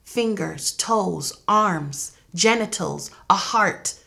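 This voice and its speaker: Brief: young adult woman, grieving mother, earnest and intense, bright voice, tells her story as an interview guest. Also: medium pitch, lively intonation, drawn-out words, creaky. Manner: earnest, intense, reenacts dialogue. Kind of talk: emotional personal testimony.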